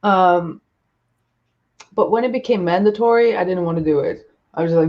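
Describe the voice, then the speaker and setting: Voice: mid-range voice, steady tone, normal speed, darkish tone. A podcast host in casual chat, blunt and profane, joking about their own past. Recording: dull lo-fi recording.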